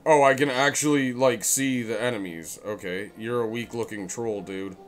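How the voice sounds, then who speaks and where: Man reading game text with deadpan jokes. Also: medium pitch, normal speed. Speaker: gamer playing and reading dialogue. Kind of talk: let's play commentary reading game text aloud.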